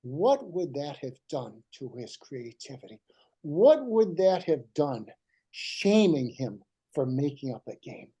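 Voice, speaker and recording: Older man telling emotional stories, mellow tone, swoops up and down a lot. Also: a little high, slightly rough, rough recording. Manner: animated and emotional, slows down for emphasis. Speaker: guest writer. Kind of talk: heartfelt storytelling.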